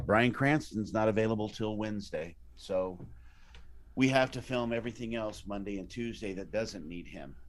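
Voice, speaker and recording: A man's voice: lowish voice, moderate pace, slight background noise. A man, an actor being interviewed, chatting casually and animatedly about his work. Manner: animated, slips into character voices. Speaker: actor guest.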